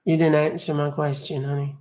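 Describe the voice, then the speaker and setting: A man's voice: a little high, flat delivery, brisk, darkish tone, pitched above the performer's own voice, lightly acted. A man voicing a fussy older lady on a phone call, sassy and talking down to the caller as "honey". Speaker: scambaiter. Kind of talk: prank call role-play.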